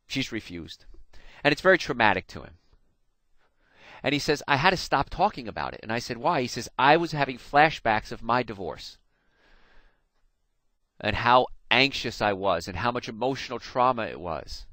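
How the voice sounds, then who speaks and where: Recorded on a studio microphone with no room sound, a middle-aged man with a medium-pitched voice and a slight New Jersey accent runs a radio health show. A New Jersey native, he tells animated, folksy stories and talks straight to his listeners.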